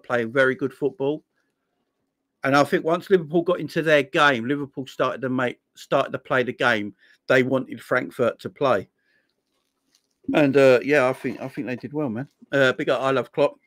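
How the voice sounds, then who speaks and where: Easygoing male live-chat host, mid pitch, laughs a lot, dry close recording. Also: a bit bright, no echo. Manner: laid-back, laughs often, reads chat comments aloud; addresses viewers as "my friend" and "man". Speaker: livestream host.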